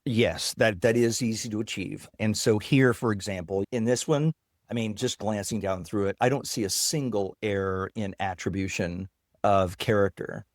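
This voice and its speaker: A man, a technology guest, explaining and demonstrating software with enthusiasm in a casual interview. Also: fairly low pitch, steady tone, normal speed, no echo, studio quality. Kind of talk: casual interview with screen demo.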